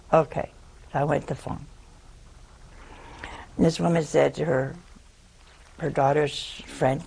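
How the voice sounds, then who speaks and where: An older woman telling a personal story in a slow, wry, deliberate way. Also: low-pitched, vocal fry, darkish tone, slightly rough.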